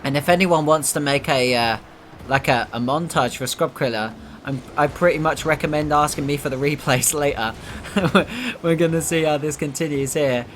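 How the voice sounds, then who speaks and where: A man from the United Kingdom casting a live esports match, chatty between plays and bursting loudly at every goal. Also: on the high side, moderate pace, a little hiss or hum. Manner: excitable, jumps up loudly at goals, chatty asides. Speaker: esports caster. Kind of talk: live play-by-play commentary.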